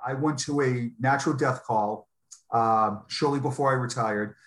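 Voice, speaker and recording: A man from New England, a retired sheriff's deputy, telling a personal story in an interview in an earnest, heartfelt way with halting restarts. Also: mid-range voice. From Boston area, New England.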